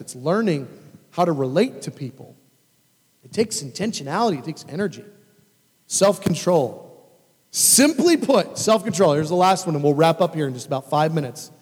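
Pastor, male, high and husky, emphatic sermon delivery, reverberant hall. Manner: emphatic, animated preaching with repeated phrases.

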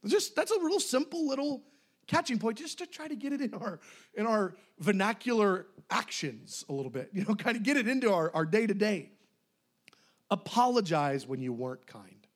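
A male pastor giving a casual, conversational sermon. His high voice leaps around with lively pitch. He swings between loud, excited bursts and quiet, hushed asides. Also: moderate pace.

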